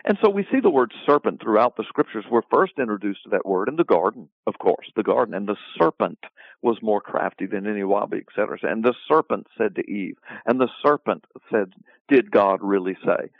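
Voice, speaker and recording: Over a dry, phone-line connection with no room sound, a man with a lowish, creaky, expressive voice answers an interview question in preaching style, talking fairly quickly. Teaching about the Bible, he repeats himself emphatically and strings together long lists.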